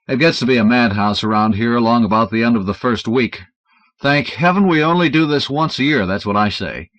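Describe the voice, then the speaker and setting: A man reading an audiobook aloud in an expressive narrating style. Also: mid-range voice, no echo. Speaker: audiobook reader. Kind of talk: scripted narration. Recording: dull, dry 1970s audiobook recording.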